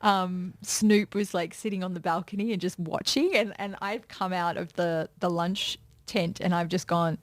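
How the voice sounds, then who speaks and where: Chatty woman storyteller, low-pitched and dry. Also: moderate pace, few pauses, no room sound. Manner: chatty storyteller, acts out quotes with lively voices. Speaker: music and pop culture presenter, guest. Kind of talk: casual interview chat.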